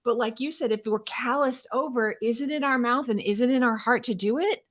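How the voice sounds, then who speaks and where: Chatty, animated middle-aged woman host. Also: on the high side, a little fast. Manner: animated, acts out little prayers and inner dialogue; self-deprecating and chatty. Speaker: host of a Torah study show. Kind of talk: casual faith discussion.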